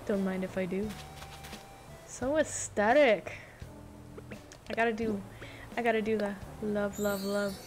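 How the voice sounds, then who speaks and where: With a steady, mid-range voice, this young gaming vlogger speaks at a measured pace and pauses often. She gushes her way around a video game island, repeating words in her reactions, over game music and poor-quality audio.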